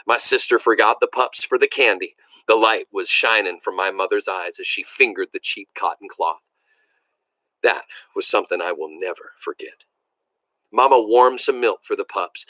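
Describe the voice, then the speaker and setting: Guy reading a book out loud, bright voice, dry close sound. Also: mid-range voice, no room sound, low-quality recording. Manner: measured, expressive storytelling. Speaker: reader. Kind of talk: reading a novel aloud.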